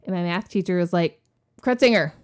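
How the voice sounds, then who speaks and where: A woman in her forties cohosts a podcast and spins a personal story in relaxed chat. Her voice sits at an ordinary pitch. She slips into gasping, excited versions of the people she quotes. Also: moderate pace. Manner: animated, acts out quoted voices with gasps. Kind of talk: casual storytelling.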